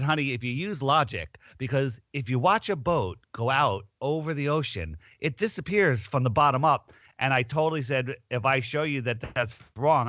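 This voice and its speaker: Male guest, casual rambling storyteller; bright tone, dull lo-fi recording. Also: mid-range voice, no echo. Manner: rambling storyteller, many restarts. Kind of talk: casual chat.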